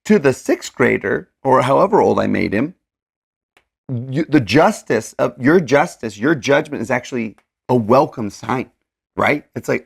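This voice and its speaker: Brief: male co-host, mid pitch with some gravel, animated, plays out each verse in little voices. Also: unhurried. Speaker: co-host of a scripture study show. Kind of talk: casual scripture discussion. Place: indoors with a board.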